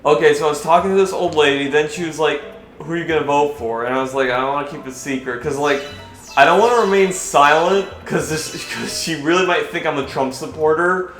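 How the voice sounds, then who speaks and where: A man's voice: a little high, fairly quick, fairly bright tone. A young man vlogging while playing a game, rambling and hesitant with many restarts, and swearing when he gets irritated. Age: young adult. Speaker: gaming vlogger. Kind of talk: rambling commentary over gameplay. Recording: roomy echo with faint game music.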